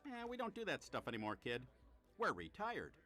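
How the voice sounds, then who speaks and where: An actor voicing a grumpy, weary retired superhero sidekick in a video game. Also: male voice, a little high, wildly swooping pitch, a little fast, pushed and bright, full character voice. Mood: gruff. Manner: gruff, weary.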